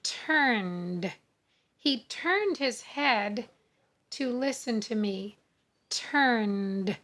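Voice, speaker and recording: A woman teaching English spelling, sounding out words slowly and repeating each rule. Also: fairly high pitch, a bit bright. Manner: slow, deliberate, sounding out words and repeating rules. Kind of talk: phonics lesson.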